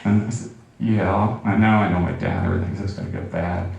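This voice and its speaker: Brief: lively male storyteller, mid-pitched, very reverberant room. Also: fairly quick, creaky, muffled recording. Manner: animated, acts out quotes. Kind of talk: personal story told to a live audience. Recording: very echoey barn with faint noise.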